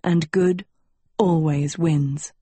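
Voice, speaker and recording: A woman voicing a confident, protective young prince in an audiobook, lowering her voice and speaking in an assured, commanding way. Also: fairly even intonation, very slow, dark tone, slightly rough, no echo, heavily acted. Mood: reassuring.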